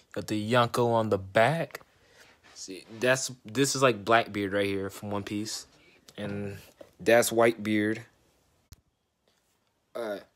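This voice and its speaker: A young man with a deep, low voice chats to his camera from his bedroom, stuffy and sick with a cold. He rambles in an easygoing way, full of fillers. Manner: laid-back, rambling with fillers. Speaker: sneaker customizing vlogger. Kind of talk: casual chat to camera.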